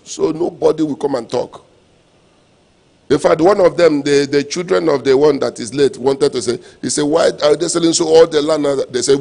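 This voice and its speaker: A male pastor preaching a sermon, repeating refrains and breaking into sudden loud, emphatic lines. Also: mid-range voice, creaky. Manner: preaching with call-and-response phrases and sudden loud emphatic bursts.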